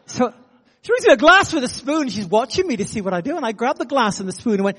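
A man preaching a sermon, telling a story with animated energy. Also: extremely high pitch, fairly quick, in a large hall. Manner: animated, building excitement in anecdotes.

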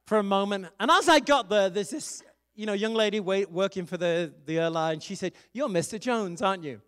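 A man's voice: sits high, a little fast, a bit bright, clean tone. A middle-aged man, an evangelist and pastor, preaching a sermon and telling a personal story in a conversational way, laughing now and then.

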